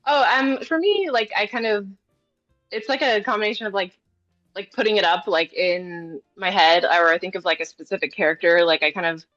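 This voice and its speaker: A woman's voice: mid-range voice, moderate pace, fairly bright tone, no room sound, highs cut off, faint music behind. A young woman from California, a voice actress, chatting casually and giggling, with lots of "like", on a video call. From California, USA. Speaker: voice actress guest. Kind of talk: casual interview chat.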